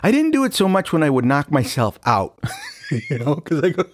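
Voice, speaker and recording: A middle-aged man telling a sports story in a casual, animated way, laughing often and jumping into high voices when he quotes people. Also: a little fast, dry recording, clean studio sound.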